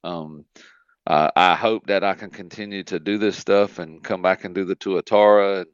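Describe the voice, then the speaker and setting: A man's voice: deep voice, steady tone, normal speed, clean tone, no echo, muffled recording. A man from the United States, a baseball team manager, talking earnestly on a radio phone interview, often repeating words as he goes.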